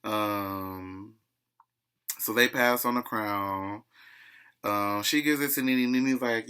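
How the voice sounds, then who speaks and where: A man's voice: on the low side, slow, long pauses, sharp tone, clear, resonant tone. A man casually recapping a reality TV episode in a chatty, gossipy way, often calling the listener "child".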